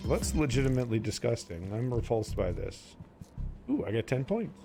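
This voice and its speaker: A man's voice: mid-range voice, very animated, moderate pace, gravelly, music in the background. A sleepy man streaming a game, rambling through goofy, profane banter as he plays. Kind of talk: casual gameplay commentary.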